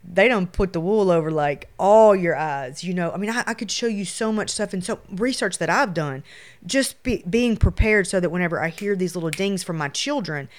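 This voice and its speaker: A woman with a Louisiana Southern accent, an emphatic, animated storyteller talking as a podcast guest. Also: on the low side, normal speed. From Shreveport, Louisiana, US. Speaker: guest, photographer. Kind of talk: casual podcast conversation.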